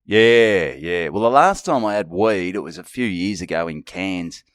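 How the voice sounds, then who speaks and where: Deep-voiced and measured, a middle-aged Australian man spins a wandering, sweary tale while co-hosting a podcast. The chat is casual and the anecdote animated, captured in a dry, studio-quality recording.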